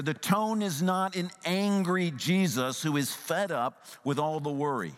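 A man preaching a sermon as a pastor, earnest and conversational, at times dropping to a soft, hushed voice. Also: on the high side, long reverb tail.

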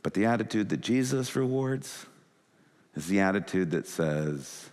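A male pastor preaching a sermon with animated delivery, acting out quoted thoughts in a rising and falling voice. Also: lowish voice, measured pace, in a large hall. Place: church sanctuary.

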